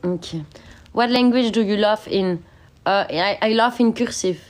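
A woman's voice: medium pitch, a little slow. A young woman, sick, chatting casually on a livestream from her bedroom, reading out viewer comments and laughing often.

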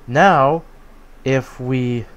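A man giving relaxed let's play commentary on a game, talking slowly with filler pauses. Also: medium pitch. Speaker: gameplay commentator.

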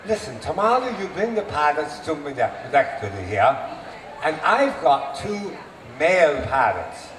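Kindly soothing priest voiced by a man, lower reassuring tone, echoey distant outdoor sound, background noise. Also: big pitch swings, measured pace, fairly bright tone. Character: kindly parish priest, calm middle-aged man. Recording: echoey open air from far mic, noisy.

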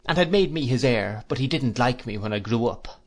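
A male audiobook reader voices an eager, good-humored, modest young man, pitched a little above his own medium voice. The character sounds cheerful, lively and quick to laugh, speaking in a friendly, bouncy way.

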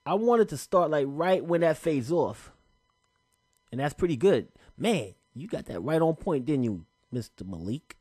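A man with a fairly high voice guides viewers through a screen-recorded software tutorial, relaxed and chatty, dropping casual slang along the way. The audio is dry and close, with no room sound.

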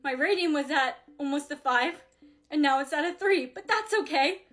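A woman's voice: high voice, normal speed, fairly bright tone. A woman playing an image-obsessed teen schoolgirl who talks in a sugary, dramatic way. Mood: anxious. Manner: sugary, dramatic, flustered when caught. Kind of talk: comedy skit acting.

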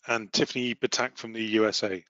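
A man hosting a professional webinar, presenting in a measured, formal way with the odd filler. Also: fairly low pitch, steady tone, sharp tone, dry recording. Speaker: webinar host and asset management lead. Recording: slightly muffled, dry webinar audio.

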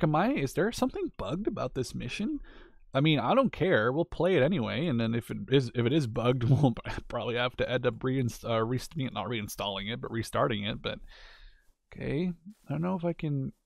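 A man's voice: medium pitch, gravelly, no echo, studio quality. A man giving casual, rambling gameplay commentary, mildly ranting and full of fillers as he plays.

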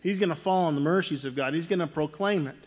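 A man's voice: a little high, quick pace. A man preaching a sermon in an earnest, conversational way, often restarting phrases and checking in with the congregation. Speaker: pastor.

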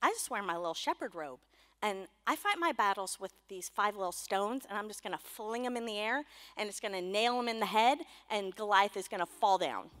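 A woman's voice: mid-range voice, expressive, brisk, fairly bright tone, long reverb tail, natural voice. A woman voicing a young male shepherd who will be king, rattling things off in a rush. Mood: calm, sure.

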